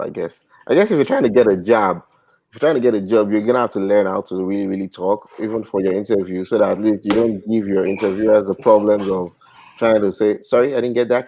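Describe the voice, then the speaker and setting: A man's voice: fairly low pitch, creaky, darkish tone. A man in a casual group discussion who laughs often and restarts his sentences when he hesitates.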